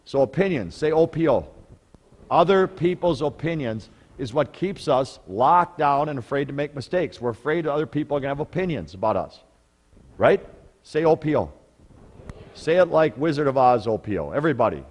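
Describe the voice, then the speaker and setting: A middle-aged man presenting at a parenting workshop, telling stories in an animated way and asking the audience questions. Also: fairly high pitch, moderate pace, in a large hall. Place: large conference room.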